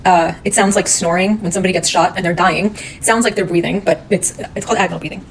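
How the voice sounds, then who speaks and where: A woman's voice: lowish voice, fairly even intonation, fast, slight background noise, low-quality recording. A woman retelling a true crime case in a casual, blunt, heated way, swearing often.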